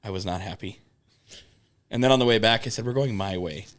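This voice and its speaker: A young man co-hosting a podcast tells road stories in casual chat, animated as he acts out what people said and swears freely. His voice is lowish and his delivery brisk.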